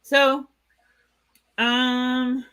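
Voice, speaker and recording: A woman's voice: high voice, level tone, drawn-out words, fairly bright tone, clear, resonant tone. A woman guest in a casual interview, blunt and wry, laughing at her own jokes.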